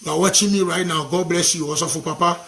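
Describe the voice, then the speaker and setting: A man with a Ghanaian accent preaches in a high, ringing voice, fervent and repetitive. He leads call-and-response declarations and slips Twi phrases into his English. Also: steady tone, fast talker, fairly bright tone. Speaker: gospel worship minister. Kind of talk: charismatic preaching and prophetic declaration.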